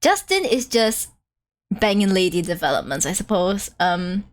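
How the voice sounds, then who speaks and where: A woman's voice: medium pitch, lively intonation, normal speed. A woman game streamer chatting casually during a live playthrough, giggly and full of fillers. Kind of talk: casual live-stream chat over gameplay.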